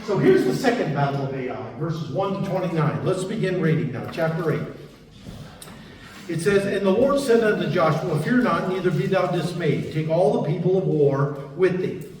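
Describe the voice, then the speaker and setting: A man's voice: fairly high pitch, animated, normal speed, a little mellow, a little hiss or hum. An older man preaching a sermon as a pastor, telling folksy stories from his own life. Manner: folksy storytelling with personal anecdotes. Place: church sanctuary. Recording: echoey hall, mic far off.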